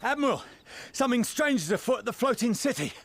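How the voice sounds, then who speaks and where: Urgent game messenger. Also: male voice, very high-pitched, big pitch swings, quick pace, heavily acted. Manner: urgent, formal.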